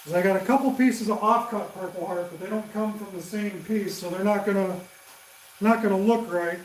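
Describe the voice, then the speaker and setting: A chatty, higher-voiced man streams live while woodturning in a workshop with a lathe, talking a little fast. He chats with viewers by name and reads comments aloud, recorded by a camera beside the lathe with roomy workshop echo and slight background noise.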